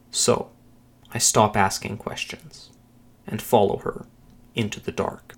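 A man narrating a first-person thriller story with a steady, measured dramatic reading. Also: fairly low pitch, husky.

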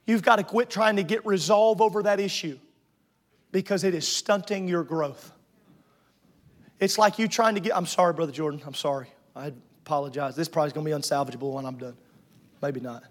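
A man preaching a sermon in a church sanctuary before a congregation, fervent and rising to shouts, joking with the crowd between points. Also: on the high side, fairly quick.

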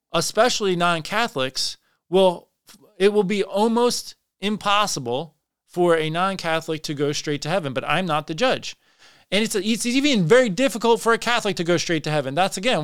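A man's voice: high-pitched, fairly bright tone, clear, resonant tone, dry recording, clean studio sound. A middle-aged man hosting a religious podcast, speaking in an earnest, passionate monologue with frequent restarts. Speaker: podcast host.

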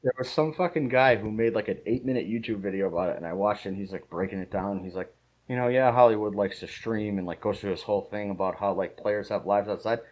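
A man telling stories in a casual podcast chat, swearing freely and talking rapidly. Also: on the low side, darkish tone, poor audio. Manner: rapid, profane storytelling. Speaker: podcast co-host.

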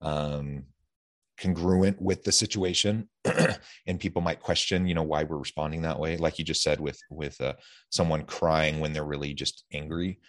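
A man hosting an interview podcast, posing a long reflective question with measured fillers. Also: rumbling low, steady tone. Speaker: podcast host.

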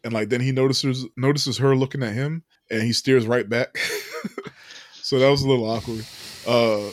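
A man's voice: medium pitch, steady tone, normal speed, no room sound, clean studio sound. Laughing man recapping a film. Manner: laughs often, acts out quoted lines. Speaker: podcast co-host recapping a film. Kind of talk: casual chat.

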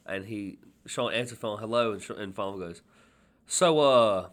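A man's voice: lowish voice, fairly even intonation, brisk, fairly bright tone. A man chiming in on friends' stories, laughing and mimicking others. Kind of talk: casual chat among friends.

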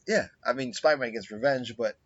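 A man's voice: mid-range voice, a little fast, a bit bright, breathy edge, no echo, lo-fi sound. A man co-hosting a podcast, chatting casually in a laid-back way and swearing freely. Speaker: podcast co-host. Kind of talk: casual chat.

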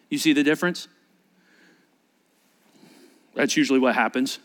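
A man preaching a sermon as pastor, animated and acting out scenes, often restarting his words. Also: mid-range voice, moderate pace, long pauses, long reverb tail.

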